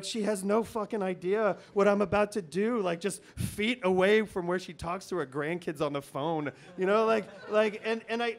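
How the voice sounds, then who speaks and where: Guy doing live storytelling, pretty high voice, nervous rambly delivery with lots of "like"s. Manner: nervous, rambling, many restarts and fillers. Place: live comedy venue.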